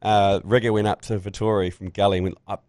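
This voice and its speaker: A man's voice: lowish voice, flat delivery, quick pace, darkish tone, no room sound. NZ man, podcast co-host, rowdy anecdote-teller, dry close mic. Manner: swearing, laughing storyteller. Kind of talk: casual chat, storytelling.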